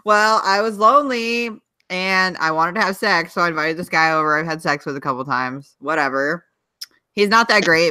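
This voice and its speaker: A young man co-hosting a podcast, chatting casually, wry and quick to laugh. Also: fairly high pitch, pushed and bright, clear, resonant tone, dry recording. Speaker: podcast co-host. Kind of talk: casual chat.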